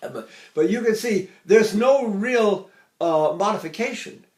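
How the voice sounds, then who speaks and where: An older male voice teacher with a high-pitched speaking voice. He talks in a loose, chatty way, stopping often to sing short syllables as demonstrations. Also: animated, measured pace, a little mellow. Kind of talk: vocal lesson with sung demonstrations.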